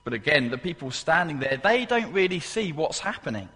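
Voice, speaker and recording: A man preaching in a church with a bright, forceful voice that carries a long hall reverb. He speaks emphatically, repeats his key phrases and turns questions to the congregation. His voice sits a little high for a man. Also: very animated, a little fast, slightly rough. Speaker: pastor. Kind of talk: sermon. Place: church service.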